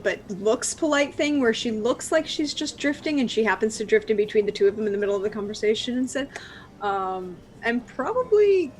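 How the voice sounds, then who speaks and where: A woman playing a tabletop game over a video call, chatty and self-mocking. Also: on the high side. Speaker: player. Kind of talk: casual tabletop play.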